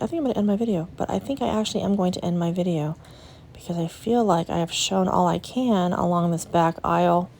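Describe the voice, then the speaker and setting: Her voice sits on the low side and sounds a little mellow. She is a young adult American vlogger and resale booth owner, chatting and gushing to her audience while strolling through an antique shop.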